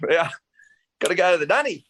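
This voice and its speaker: Laughing Australian man with lively pitch. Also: fairly quick. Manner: laughs often, playful and easygoing. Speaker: band vocalist, guest. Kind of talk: casual interview chat.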